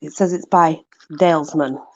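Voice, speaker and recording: A woman's voice: low voice, steady tone, normal speed, no room sound, highs cut off. A woman casually reading aloud from a book to her viewers, amused and puzzled, laughing often. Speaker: vlogger.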